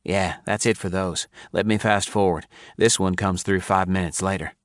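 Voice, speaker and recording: A man voicing an anxious male paranormal investigator who talks in a hurried, uneasy way. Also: deep voice, fairly even intonation, dry recording, studio quality, natural voice.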